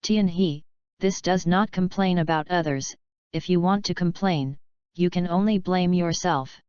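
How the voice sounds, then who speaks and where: A woman reading the lines of a sealed old male martial-arts uncle, slow and amused. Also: fairly low pitch, a little mellow, clear, resonant tone, no room sound, lightly acted. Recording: slightly dull lo-fi recording.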